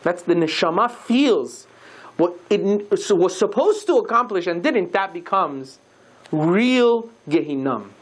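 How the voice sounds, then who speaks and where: A rabbi giving a sermon, telling a story and acting out the dialogue with lively shifts in voice. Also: male voice, high-pitched, measured pace.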